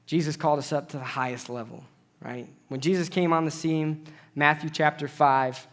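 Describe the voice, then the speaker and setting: A man preaching a sermon in an animated way, acting out conversations with God as he speaks. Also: fairly high pitch, moderate pace. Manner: animated, acts out dialogues with God.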